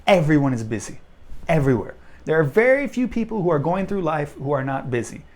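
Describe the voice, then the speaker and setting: A man's voice: fairly high pitch, sing-song, a little fast. A young man vlogging straight to camera, blunt and self-deprecating in a casual rant. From United States.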